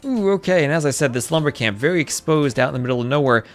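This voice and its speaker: A man commentating a live strategy game tournament, chatty and excitable, chatting with viewers between plays, with faint music behind. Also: on the high side, quick pace. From New Jersey. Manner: chatty, reads chat aloud, excitable outbursts. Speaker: esports caster.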